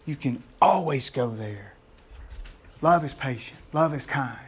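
Slow and unhurried, this male preacher has a mid-range, slightly rough voice. He calls his listeners "gang," keeps the sermon conversational, and gets loud and excited when he acts out scenes.

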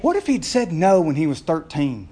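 Excitable male preacher. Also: a little high, normal speed. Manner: conversational preaching, grows loud and excited when acting out scenes. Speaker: pastor. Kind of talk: sermon.

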